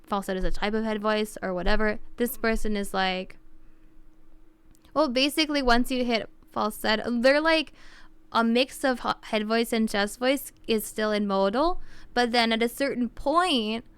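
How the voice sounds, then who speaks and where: Rambling streamer woman, gravelly edge. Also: a little high, moderate pace, no room sound. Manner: rambling, thinking aloud with many fillers. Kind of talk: casual livestream chat.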